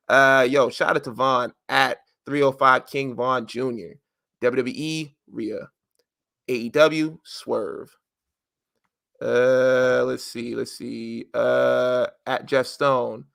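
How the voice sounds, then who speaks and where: A man's voice: medium pitch, vocal fry, a bit bright, dry recording, clean studio sound. A man co-hosting a podcast in casual chat, joking loosely as he reads out listener answers. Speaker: podcast co-host.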